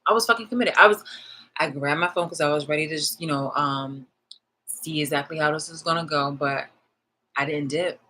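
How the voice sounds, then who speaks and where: A woman's voice: sits low, brisk, sharp tone, slight background noise, rough recording. A woman ranting on a live stream. She is agitated and swears often, repeating phrases for emphasis. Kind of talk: live-streamed personal rant.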